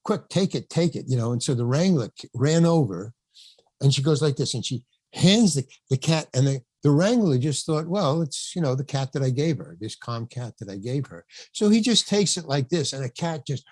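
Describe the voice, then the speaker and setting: A man's voice: medium pitch, expressive, moderate pace, darkish tone, no echo. An older man, an actor, telling a rambling backstage story in a podcast interview, acting out the quotes, laughing often and swearing now and then. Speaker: actor guest.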